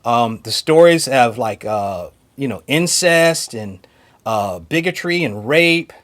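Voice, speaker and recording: A man's voice: medium pitch, animated, takes it slowly. A man co-hosting a podcast in casual chat, talking enthusiastically and often laughing between points. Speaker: podcast co-host.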